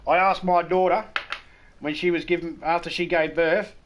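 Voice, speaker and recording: A man's voice: a little high, fairly even intonation, moderate pace, slight background noise. A middle-aged man with an Australian accent, a game streamer chatting casually, rambling and swearing freely with blunt humor. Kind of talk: casual chat.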